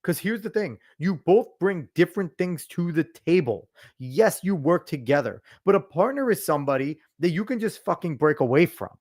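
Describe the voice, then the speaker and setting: A man's voice: on the high side, sing-song, normal speed, few pauses, a little mellow. A man hosting a podcast, ranting bluntly and with plenty of swearing, lecturing his listeners emphatically in casual commentary. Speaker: podcast host.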